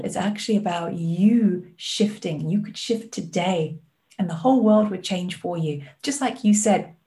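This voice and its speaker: Gravelly-voiced woman coaching earnestly. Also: mid-range voice. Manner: animated, earnest, teaching tone. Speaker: guest, life coach. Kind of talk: podcast conversation.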